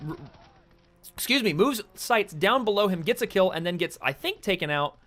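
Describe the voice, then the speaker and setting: A man's voice: sits high, normal speed. Eager young man calling game action. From United States. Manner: excitable play-by-play, chatting with stream viewers between calls. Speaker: game caster and streamer. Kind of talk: solo esports-style play-by-play commentary. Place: home streaming setup, seated in a chair.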